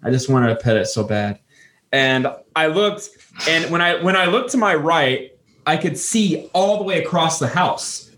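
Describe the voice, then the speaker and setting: A young man co-hosting a podcast, telling a casual story and jumping into squeaky voices for animals. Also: expressive, moderate pace, a bit bright, slight background noise. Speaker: podcast co-host.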